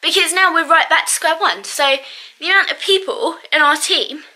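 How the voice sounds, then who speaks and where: A woman's voice: sits high, moderate pace, sharp tone. A woman telling a story casually to camera, venting in an exasperated way, with many fillers and bursts of laughter. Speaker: vlogger.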